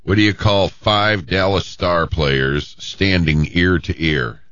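A man's voice: deep voice, takes it slowly, a bit bright. A man co-hosting a radio show, delivering dry one-liner jokes in casual banter, on a dull lo-fi recording. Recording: dull lo-fi radio studio sound.

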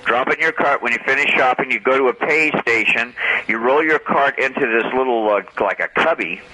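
A man co-hosting a radio talk show, explaining things in a halting way with many restarts. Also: mid-range voice, background noise. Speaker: radio co-host.

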